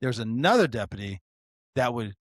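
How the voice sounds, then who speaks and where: A man, a former deputy co-hosting a podcast, telling animated stories and laughing often. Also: mid-range voice, normal speed, no room sound, clean studio sound. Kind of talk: casual storytelling chat.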